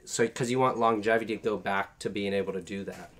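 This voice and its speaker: A man's voice: fairly low pitch, fairly even intonation, fast talker, fairly bright tone. A man talking casually about paintball strategy, rambling with many fillers. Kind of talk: casual chat.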